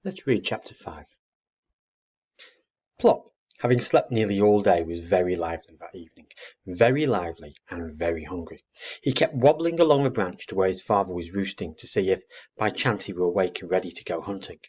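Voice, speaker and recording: A man teaching a primary school lesson, reading a children's story aloud in an expressive storytelling manner. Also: low voice, a little fast, husky. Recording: dull lo-fi recording.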